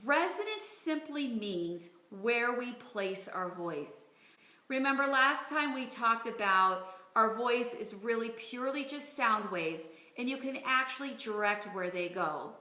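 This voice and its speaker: A woman in her forties, a speech coach giving a clear, deliberate instructional lesson. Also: a little high, pushed and bright. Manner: clear, deliberate teaching delivery. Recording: roomy echo.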